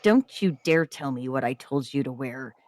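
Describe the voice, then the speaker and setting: A woman's voice: rumbling low, expressive, normal speed, a little mellow, dry recording, voice pushed down. A woman reading aloud as a haughty, controlling vampire mother who scolds through clenched teeth. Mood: scolding. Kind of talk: dramatic reading of a story.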